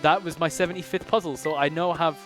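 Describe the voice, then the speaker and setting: A man's voice: a little high, fairly even intonation, quick pace, music in the background. A man from the United Kingdom giving casual live commentary on his own speedrun, explaining the game as he plays and using a lot of fillers.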